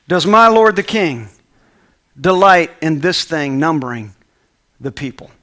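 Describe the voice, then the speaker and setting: A man's voice: a little high, animated, unhurried, bright, forceful tone. A male pastor preaching a sermon to a congregation, reading scripture aloud and calling for responses. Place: church sanctuary with congregation.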